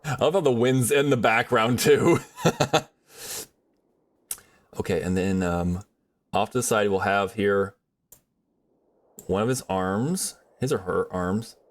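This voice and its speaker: Rambling male streamer, lowish voice. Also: a little slow. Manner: rambling, friendly, many fillers and restarts. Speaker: livestreamer. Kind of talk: casual livestream chat while drawing.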